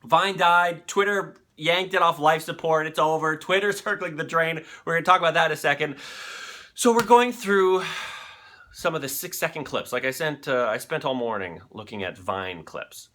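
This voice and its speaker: Bright-voiced man hosting a live stream. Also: on the high side, normal speed. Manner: loose, rambling and profane, talks to the chat. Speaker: live-stream show host. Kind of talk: casual live-stream chat.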